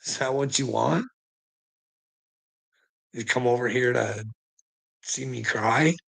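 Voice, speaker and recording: A man's voice: medium pitch, slow pace, gravelly, a bit bright, breathy edge, poor audio. A man hosting a live stream, ranting at his chat in a combative, profane way and needling viewers by name. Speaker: livestream host.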